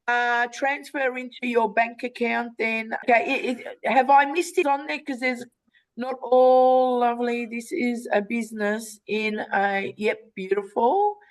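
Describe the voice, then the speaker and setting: A woman's voice: fairly even intonation, a little slow, low-quality recording. Chatty Australian woman hosting a webinar. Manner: chatty, persuasive sales pitch with many fillers. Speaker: webinar host. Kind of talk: live video call presentation. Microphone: video call. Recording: webinar call recording.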